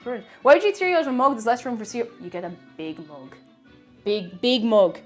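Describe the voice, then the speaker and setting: A woman's voice: on the high side, big pitch swings, brisk, faint music behind. A young Irish woman chatting casually on a cooking live stream in her home kitchen, reading out viewer comments with playful asides.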